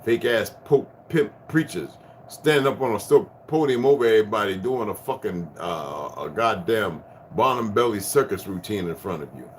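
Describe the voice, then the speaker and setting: Fifties guy ranting about spirit stuff, swears a lot, kinda low voice, gets loud then real quiet, bit of faint noise behind. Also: expressive, moderate pace. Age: 50s. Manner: profane, preachy, swings from loud bursts to hushed tones. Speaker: vlogger. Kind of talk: rambling spiritual rant.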